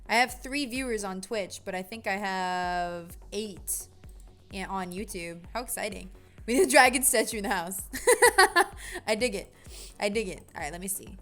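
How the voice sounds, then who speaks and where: Young female streamer, casual and rambling, mid-range voice, quick bursts of enthusiasm. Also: medium pitch, soft background music. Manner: chatty, self-correcting, bursts of excitement. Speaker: game dev streamer. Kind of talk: casual livestream commentary.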